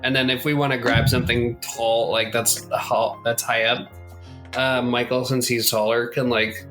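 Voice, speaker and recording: A man's voice: mid-range voice, little pitch movement, moderate pace. A man talks through his character's moves at a tabletop game in an ordinary middle register. He rambles casually, leaning on fillers. Faint music runs behind him. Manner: rambling, hedges a lot with fillers. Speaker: player.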